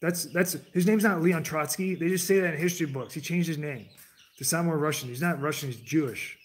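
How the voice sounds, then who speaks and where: A man's voice: fairly high pitch, brisk. A man hosting a livestream, talking casually to his chat in a digressive, rambling way, often restarting his sentences. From United States. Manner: digressive, restarts sentences, jumps between tangents. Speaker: livestream host.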